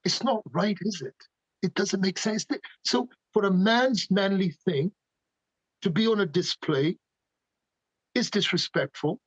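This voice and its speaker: A man's voice: high-pitched, a little slow, husky, no room sound, dull audio. A man speaking passionately as a podcast guest, firing off emphatic rhetorical questions. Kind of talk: animated conversational opinions.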